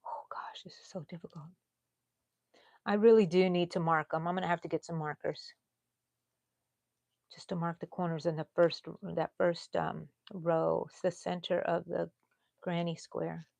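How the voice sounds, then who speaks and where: A woman of sixty with a Texan accent, hosting a live crochet stream in a casual, chatty way and dropping to low mutters and whispers as she counts stitches. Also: level tone, normal speed, gravelly, a little mellow, dry recording. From Texas. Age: 60s.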